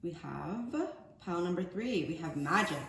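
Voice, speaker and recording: Recorded in an echoey room with faint background noise, a spiritual card reader gives a relaxed oracle card reading, rambling loosely and using slang. Her lowish voice is gravelly yet fairly bright, expressive, and moderately paced.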